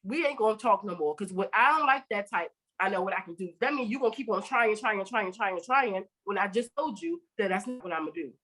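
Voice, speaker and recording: A woman's voice: mid-range voice, animated, fairly quick, hardly any pauses, a bit bright, rough recording. A woman hosting a podcast, telling a story in casual chat and acting out both sides of the dialogue with plenty of swearing. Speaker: podcast host.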